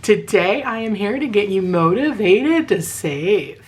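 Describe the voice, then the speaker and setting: A woman with a hoarse voice that sounds a little sick, chatting casually to her viewers and counting cash aloud in quick runs. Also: medium pitch, animated, poor audio. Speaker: budgeting vlogger. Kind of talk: casual friendly chat to camera.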